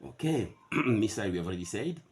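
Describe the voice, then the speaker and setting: A man's voice: lowish voice, animated, darkish tone, breathy edge. Bantu-speaking guy teaching english sounds, repeats words back and forth, lots of uh and you know. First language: a Bantu language. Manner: drawn-out contrasting word repetitions. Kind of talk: classroom lecture.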